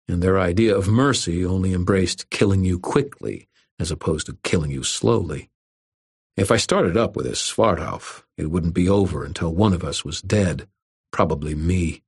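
A man narrates a first-person fantasy story at a steady, measured pace. His voice is very deep with a husky, slightly rough texture. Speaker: audiobook narrator.

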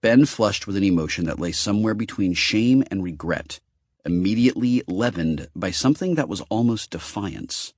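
Deep, husky male audiobook narrator. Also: normal speed, no echo, clean studio sound. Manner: expressive, animated reading.

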